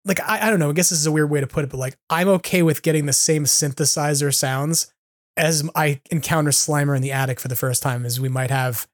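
A man with a fairly high voice talks through a casual podcast chat, rambling along with plenty of fillers. He sounds animated, and his voice is recorded close and dry, with no room sound. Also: fast talker, dry recording. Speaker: podcast co-host.

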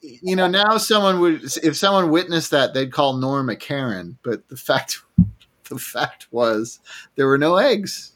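A man's voice: fairly high pitch, lively intonation, measured pace. A man telling a story in a casual podcast chat, swearing freely, laughing often and acting out the people he quotes. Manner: profane, laughing, acts out quoted voices loudly. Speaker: podcast guest.

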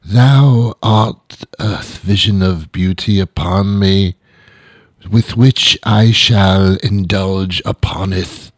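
A man voicing a pompous Elizabethan gentleman in drawn-out mock old English. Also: sits low, no echo. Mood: courtly.

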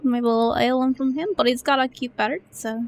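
Woman player, casual, playful, higher voice. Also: steady tone, fast talker, a little hiss or hum. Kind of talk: tabletop game play.

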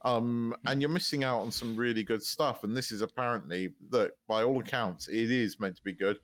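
A man co-hosting a casual podcast, speaking in a measured, thoughtful way. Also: mid-range voice, fairly bright tone, no room sound. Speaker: podcast co-host.

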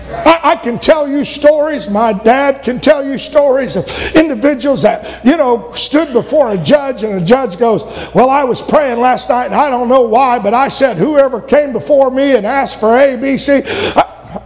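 A man preaching a sermon, retelling a story with shouted emphasis and voiced characters. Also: very high-pitched. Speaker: pastor. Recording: long hall reverb.

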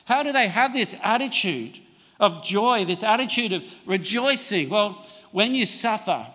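A middle-aged man preaches a sermon in a high, ringing voice. He slows down to read scripture and asks the congregation for amens. His voice carries a long reverb through a church hall. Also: sharp tone. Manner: preaching, quotes scripture with slowed emphasis, calls for amens. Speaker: pastor.

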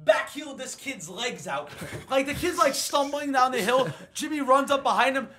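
A young man telling a rowdy story to friends in a casual, animated way, quoting people as he goes. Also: very high-pitched, moderate pace, slight background noise. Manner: animated, swearing, quotes friends in bursts.

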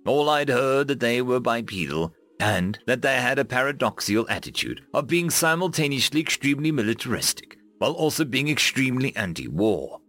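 Lively male sci-fi story narrator. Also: medium pitch, brisk, hardly any pauses. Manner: lively, dramatic reading with raised voices for dialogue.

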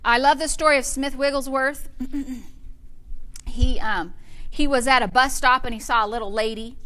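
Woman pastor, high and bright voice, fervent sermon delivery. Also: steady tone, moderate pace. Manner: fervent preaching with call-and-response interjections.

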